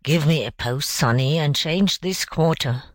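A woman voicing a portly old gentleman who speaks in a gruff, grumbling way. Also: deep voice, measured pace, no room sound.

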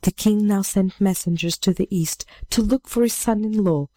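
A woman reading a fairy tale aloud in a measured, steady way. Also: medium pitch, no room sound. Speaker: storyteller.

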